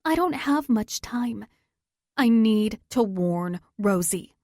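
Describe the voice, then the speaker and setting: A woman's voice: mid-range voice, animated, slow pace, a little mellow, dry recording, clean studio sound. A woman narrating a first-person romance audiobook in a tense, dramatic manner.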